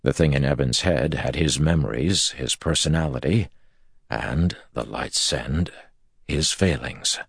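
A man giving measured, scripted audiobook narration of a fantasy story. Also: rumbling low, gravelly, breathy edge, no room sound, clean studio sound.

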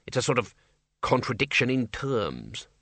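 A man's voice: mid-range voice, sing-song, moderate pace, fairly bright tone, no room sound. A man voicing a nervous, pedantic old male wizard, the senior wrangler, in a storybook reading. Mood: incredulous.

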